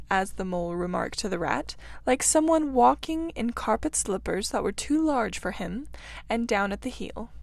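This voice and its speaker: A young woman hosting a book podcast and reading a classic story aloud in a calm storytelling manner. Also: fairly high pitch, no echo. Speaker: podcast host and reader. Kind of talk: audiobook reading.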